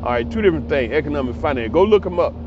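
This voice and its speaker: A man's voice: fairly high pitch, expressive, racing, lo-fi sound, background noise. A man, giving a heated, preachy monologue that repeats itself. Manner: preachy, ranting, repetitive. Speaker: commentary channel host.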